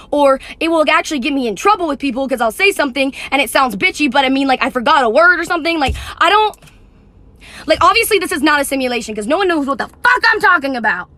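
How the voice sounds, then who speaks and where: A woman ranting in a casual vlog, chattering very fast and packing her talk with fillers. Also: high-pitched, lively intonation, sharp tone, no room sound.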